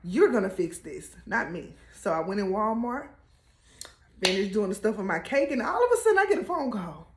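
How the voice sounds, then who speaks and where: A woman telling a story in a casual, animated way, laughing and acting out quotes. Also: mid-range voice, fairly quick, reverberant, slight background noise. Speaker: co-host telling their couple story.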